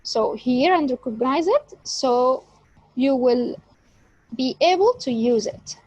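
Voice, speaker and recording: A woman teaching an English lesson, speaking deliberately and stressing key words. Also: high voice, lively intonation, darkish tone, no echo, poor audio. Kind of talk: slow explanatory lesson.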